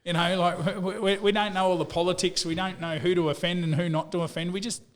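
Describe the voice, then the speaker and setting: A man's voice: sits high, flat delivery, quick pace. A man with an Australian accent telling stories in a laid-back, blokey way, full of "mate" and "you know", as a guest on a casual podcast. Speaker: business owner.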